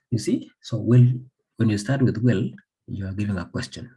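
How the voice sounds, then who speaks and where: A man's voice: lowish voice, moderate pace, warm tone, husky, low-quality recording. A man from Somalia, teaching an English grammar lesson by repeating example sentences and asking the class questions.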